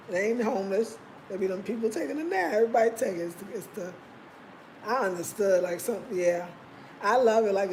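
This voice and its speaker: A woman talks to her viewers in a loose, chatty vlog, with emphatic, expressive delivery. Her voice sits at a middle pitch for a woman, and a faint noise runs under it. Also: rough recording. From United States. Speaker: vlog host. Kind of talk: casual vlog chat.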